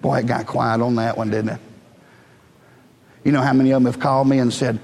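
A man's voice: medium pitch, flat delivery, fairly quick, long pauses, darkish tone, in a large hall. A pastor preaching a sermon in a blunt, folksy, self-deprecating way, joking with his congregation. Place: church sanctuary.

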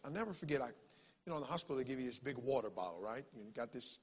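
A man's voice: medium pitch, expressive, very fast, slightly rough. A man, a pastor telling a personal story in a plain, conversational way. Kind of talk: sermon testimony. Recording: long reverb in a hall.

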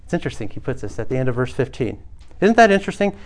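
Male pastor, mid-pitched, earnest sermon delivery with rhetorical questions. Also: big pitch swings, very fast.

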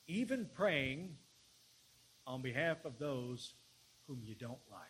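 A man preaching and praying in an earnest sermon, often repeating words as he searches for the next phrase and building to louder passages. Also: medium pitch, a little slow, a little hiss or hum, rough recording. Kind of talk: sermon with prayer.

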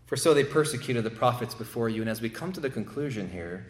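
A man's voice: mid-range voice, animated, fast talker, few pauses, reverberant. A male pastor delivering a sermon, emphatic and prone to repeating words as he builds a point.

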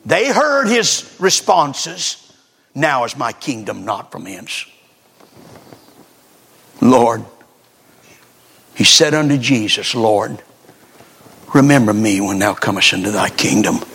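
Gravelly revival preacher. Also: male voice, mid-range voice, lively intonation, takes it slowly, long pauses. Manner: fiery, swings from loud exhortation to hushed scripture reading. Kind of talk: sermon.

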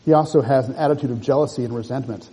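A pastor works through a passage verse by verse, rereading and explaining each one to the congregation in measured expository style. His medium-pitched voice is mellow and husky. The low-quality recording has a long reverb tail.

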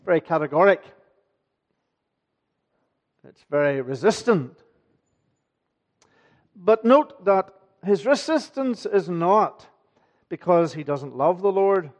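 A man's voice: high-pitched, animated, slow pace, long pauses. A man preaching an evening sermon to his congregation, earnest and emphatic, often asking rhetorical questions. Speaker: pastor. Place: church.

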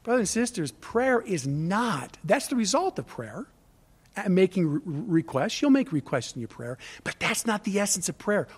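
A man's voice: sits high, husky. A middle-aged male pastor delivering a sermon, building emphasis through repeated phrases and rising intensity. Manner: preaching with swelling emphasis and repetition.

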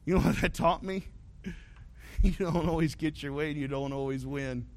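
A male pastor preaching a sermon, telling stories with animated swings from loud points to quiet asides. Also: a little high, moderate pace.

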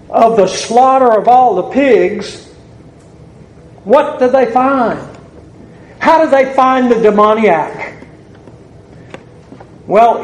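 A man with a Southern US accent preaching a sermon to a congregation in a church, deliberate and building to emphatic peaks. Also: high voice, a little mellow. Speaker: pastor. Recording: echoey church room with faint ambience.

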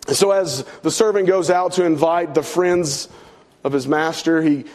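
A middle-aged pastor delivers a sermon, his voice sitting a touch higher than most men's. He builds his points with rising repetition, then lets his voice fall soft and low for the key lines. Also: normal speed. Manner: preaching with swelling emphasis and soft drops.

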